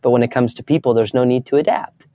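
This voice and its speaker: A man's voice: mid-range voice, steady tone, fast talker, mellow, no room sound, studio quality. A young adult man, a guest in an interview, telling stories earnestly and acting out the voices of people he quotes. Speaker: guest speaker. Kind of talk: storytelling in an interview.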